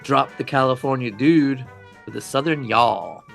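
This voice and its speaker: A man narrates a true-crime podcast at an ordinary pitch, his voice rough with fry. He keeps to a scripted telling and now and then slips in a casual remark. A music bed runs clearly underneath. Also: measured pace, a bit bright. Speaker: podcast co-host.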